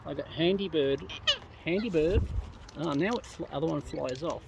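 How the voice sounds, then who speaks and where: A man's voice: on the high side, moderate pace, vocal fry. A man with an Australian accent, talking to wild birds outdoors in a teasing, affectionate way. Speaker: bird feeder filming wild birds. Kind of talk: casual talk to birds. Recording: noisy outdoor recording.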